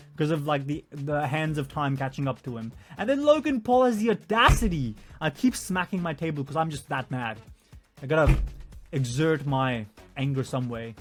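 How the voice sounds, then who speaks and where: A young man venting in a heated, profane casual rant, his loudness swinging from mutters to shouts. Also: a little high. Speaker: vlogger.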